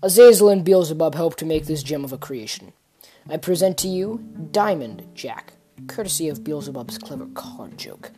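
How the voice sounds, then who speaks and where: A woman plays a masked male scientist with a measured, formal delivery. His voice is lowish and even, with faint guitar music in the background.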